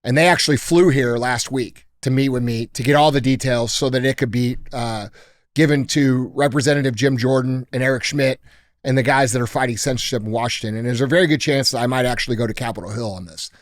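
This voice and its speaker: A man's voice: mid-range voice, fast talker. A man hosting a podcast, telling a story in a blunt, profane, casual way. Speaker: podcast host. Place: podcast studio.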